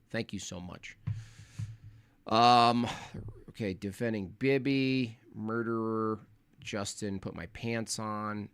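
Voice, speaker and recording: A man's voice: fairly low pitch, fairly bright tone. A man hosting a casual livestream, reacting to videos and reading viewer messages in an exasperated, rambling, slangy manner. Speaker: streamer reviewing videos.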